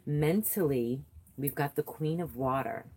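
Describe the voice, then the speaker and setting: A woman hosting a spiritual reading, guiding a soft meditation and then chatting warmly to viewers. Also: low-pitched, husky, poor audio. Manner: soothing and slow, repeating affirmations; chatty and encouraging, greeting viewers by name. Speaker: spiritual reader and host. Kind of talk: guided meditation and tarot reading on a livestream.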